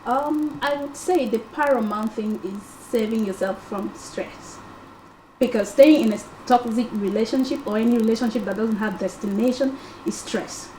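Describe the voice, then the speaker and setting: Woman guest, mellow voice, roomy sound. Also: on the high side, moderate pace, a little hiss or hum. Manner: explains point by point, repeats key phrases. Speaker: talk show guest. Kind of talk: casual panel discussion.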